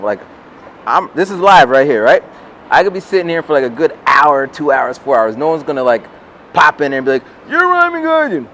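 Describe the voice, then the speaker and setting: A man in his forties tells a rambling story for his vlog, his pitch leaping around lively as he slips into quick impressions of other people. He's recorded outdoors in a city, with faint street noise underneath. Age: 40s. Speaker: vlogger and rapper.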